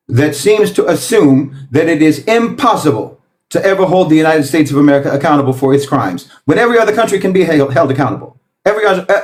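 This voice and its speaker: A man giving an impassioned political talk, emphatic and lecturing, piling up repeated phrases. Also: on the high side. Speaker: political commentator.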